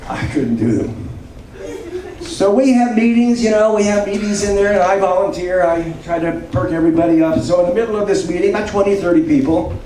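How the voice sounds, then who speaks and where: A man's voice: high-pitched, darkish tone. Older man doing stand-up in a club. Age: 70s. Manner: self-mocking, rambling asides. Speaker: stand-up comedian. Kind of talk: stand-up comedy set. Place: comedy club stage. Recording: echoey club, distant mic, audience. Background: crowd laughter.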